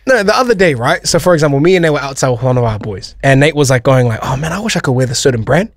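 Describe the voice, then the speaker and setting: A man's voice: a little high, sing-song, fast talker, no echo, studio quality. A young man hosting casual radio banter, rambling and laughing with restarts. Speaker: radio host.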